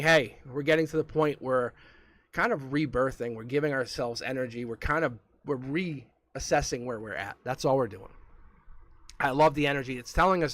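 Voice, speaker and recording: A man's voice: mid-range voice, fairly bright tone. A man giving a live-streamed tarot reading, talking straight to the viewer in a chatty way and chuckling often. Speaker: tarot reader.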